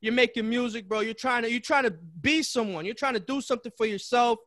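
A man's voice: extremely high pitch, a little fast, fairly bright tone, no room sound, studio quality. A man co-hosting a podcast in casual chat, slangy and saying bro constantly. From Chelsea area. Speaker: podcast co-host.

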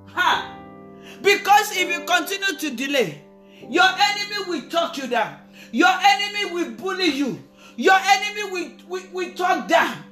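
A woman leading a fervent public prayer, impassioned and repetitive, often shouting and breaking into song. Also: high-pitched. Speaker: prayer leader. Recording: echoey room with faint instrumental music.

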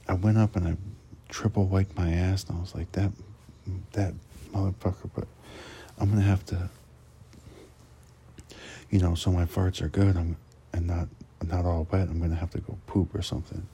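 A man's voice: sits low, fairly even intonation, normal speed, long pauses, warm tone, slight background noise. A man who drives a truck for work, telling a rambling, crude and profane story in a casual monologue, often restarting his sentences.

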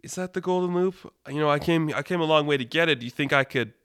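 A man's voice: on the high side, fast, a bit bright, smooth, no echo, studio quality, voice pushed up, close to an everyday voice. Man doing a cheerful polite cartoon toucan, slightly raised, sing-song. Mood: pleading. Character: jolly, friendly, polite male cartoon toucan.

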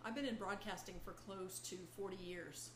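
An older woman, a veteran voice actor, chatting as a podcast guest in a relaxed, good-humored way. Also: medium pitch, normal speed. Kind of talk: casual chat. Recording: echoey room with faint noise.

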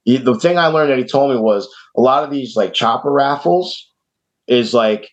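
A man from New York with a New York accent, casually telling a long story on a podcast and acting out the voices of the people in it. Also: normal speed. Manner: animated, acts out quoted voices in a higher pitch. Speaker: podcast host. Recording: dull lo-fi podcast audio.

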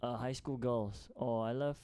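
A man's voice: medium pitch, steady tone, measured pace, warm tone, smooth. A man with chatting casually as podcast co-host, rambling and laughing, often restarting his sentences. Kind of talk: casual chat.

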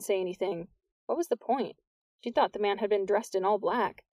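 A woman reading a novel aloud as an audiobook narrator, with smooth, even storytelling. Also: mid-range voice, moderate pace, no room sound. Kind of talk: scripted narration.

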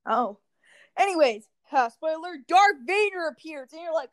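A woman's voice: very high-pitched, animated, normal speed, low-quality recording. A woman hosting a casual game review podcast, recapping the story in a rambling, jokey way. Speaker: podcast host.

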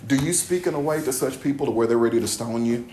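A man's voice: mid-range voice, fast, mellow, a little hiss or hum. A man preaching a sermon in a blunt, plainspoken, emphatic way, reading from scripture between his points. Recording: echoey room.

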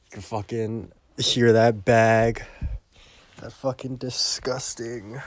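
A man's voice: mid-range voice, fairly even intonation, takes it slowly, noisy background. A young man hosting a solo podcast from his bedroom, rambling loosely and swearing constantly, sometimes dropping into a whisper. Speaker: podcast host.

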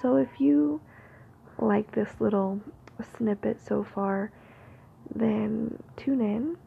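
Whispered ASMR talk: woman, very gravelly fry, rambling unscripted musing, tinny phone-like audio with faint hiss. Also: a little high, slow pace. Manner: unscripted, free-flowing musing.

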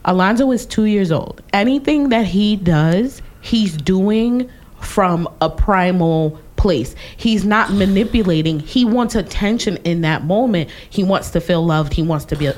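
A woman's voice: medium pitch, expressive, unhurried, darkish tone. A woman in casual podcast chat, passionate and argumentative, swearing freely. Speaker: podcast co-host.

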